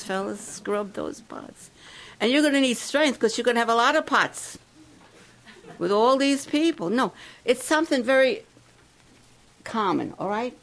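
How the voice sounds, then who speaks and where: Gravelly-voiced woman exhorting camp kids. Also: on the high side, low-quality recording. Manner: asks the crowd questions, slows to stress key words. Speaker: camp speaker. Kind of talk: devotional talk to campers.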